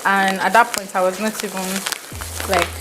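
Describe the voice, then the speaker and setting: A woman telling a story in an animated, laughing way while cooking in her home kitchen. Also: mid-range voice, moderate pace, noisy background. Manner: animated, laughing, mixes in slang. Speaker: vlogger. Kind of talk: storytelling vlog. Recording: kitchen with loud frying sizzle.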